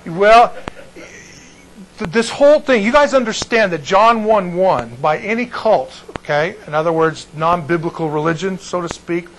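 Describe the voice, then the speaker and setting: Man teaching Bible to a small class, rambling with restarts, slightly high voice, faint noise behind. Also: lively intonation, normal speed, fairly bright tone, low-quality recording. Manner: digressive, restarts often, checks in with the class.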